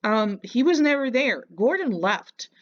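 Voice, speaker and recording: Woman lecturing and mocking someone in a reaction vid, bit high voice, muffled lo-fi audio. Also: big pitch swings, unhurried, a little hiss or hum. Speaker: reaction commentator. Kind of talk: casual reaction commentary.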